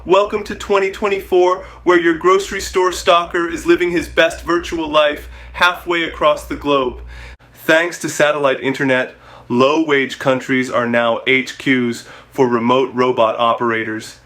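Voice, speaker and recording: A man's voice: on the high side, steady tone, normal speed, fairly bright tone. A man hosting a show, delivering scripted comedic narration with punchy, wisecracking jokes. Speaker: host.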